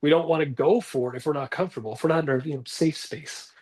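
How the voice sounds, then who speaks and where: A man's voice: on the high side, fast, a little mellow. A man in his forties telling stories about his acting career in a rambling, self-deprecating way, calling in from his bathroom at home. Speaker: actor guest. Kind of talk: casual interview talk.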